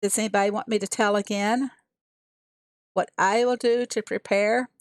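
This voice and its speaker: Her voice is medium-pitched and steady, at a normal speed with no echo, as this American woman streams a mobile farming game. She chats casually with her audience, reads chat aloud, and talks through each of her moves.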